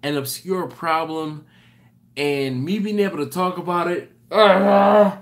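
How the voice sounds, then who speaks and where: A tired man hosting a live stream late at night. He talks slowly and unhurriedly, rambling as he reads out viewer comments. He keeps correcting himself and apologizing. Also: fairly high pitch, a bit bright. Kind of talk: casual live chat reading viewer comments.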